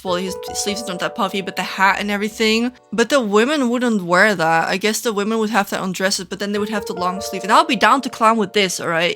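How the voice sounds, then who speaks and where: A woman from the Netherlands, chatting casually as she reviews game outfits, quick to react with dramatic mock outrage. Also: medium pitch, fairly bright tone. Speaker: gaming content creator.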